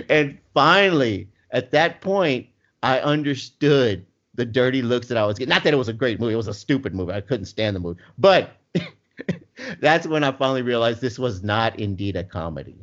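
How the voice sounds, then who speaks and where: A man's voice: mid-range voice, expressive, normal speed, a bit bright. A man telling a long funny story in casual chat, laughing often as he goes. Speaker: storyteller guest. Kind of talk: casual anecdote. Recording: dull lo-fi sound.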